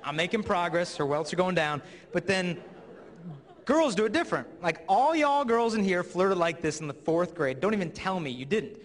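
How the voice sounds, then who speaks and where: A man's voice: sits high, very animated, moderate pace. A young man giving a comedic talk to a live audience in a large hall, acting out characters as he tells his stories. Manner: playful storyteller who acts out characters. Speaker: youth speaker. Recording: reverberant hall.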